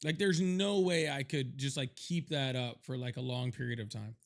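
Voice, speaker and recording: A man hosting a livestream who rambles casually and laughs easily. His pitch sits in an ordinary middle range, and he thanks viewers between his thoughts. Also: moderate pace. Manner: loose, rambling, laughs often, reads donations aloud. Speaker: livestream host.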